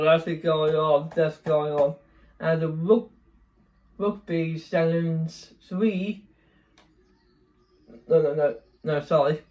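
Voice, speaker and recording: A man's voice: a little high, darkish tone. A young man chatting casually in a vlog, rambling, correcting himself and laughing often. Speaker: vlogger.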